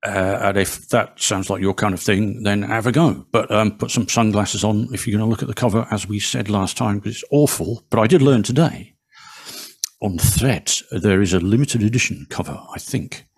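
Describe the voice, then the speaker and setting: A British man co-hosting a podcast, making dry, wry asides with halting starts. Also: on the low side, slightly rough. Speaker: podcast co-host. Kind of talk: casual chat.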